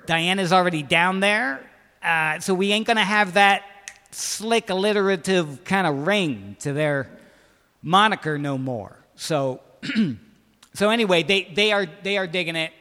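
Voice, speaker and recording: Guy hosting a radio show, high bright voice, rambly hip talk, lots of room reverb. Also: unhurried. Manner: loose, rambling, hip slang. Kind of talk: casual radio banter.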